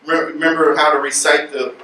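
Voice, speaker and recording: A man speaking to an audience at a luncheon, animated and joking as he lectures. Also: fairly high pitch, fairly quick. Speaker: guest speaker. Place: luncheon event room. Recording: echoey room from far off, faint noise.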